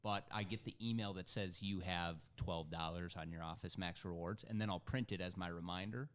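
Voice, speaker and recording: Low male voice for a podcast co-host; upbeat, casual chat. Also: brisk, a bit bright, clear, resonant tone. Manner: upbeat, pitching ideas.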